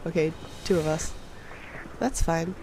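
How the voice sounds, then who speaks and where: A young man talks through his match in a relaxed voice-over, his nose clearly stuffed up from a cold. He rambles, jokes at his own expense and chuckles often. Soft music plays faintly underneath. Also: on the high side, a little slow. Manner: chatty, self-deprecating, laughs often. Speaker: gameplay commentator. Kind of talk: casual voice-over game commentary. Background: faint background music.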